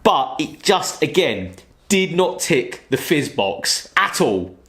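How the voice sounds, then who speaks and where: A man's voice: a little high, very animated, slow, a bit bright. A man hosting a car channel, telling a story in a casual, rambling way full of "you know".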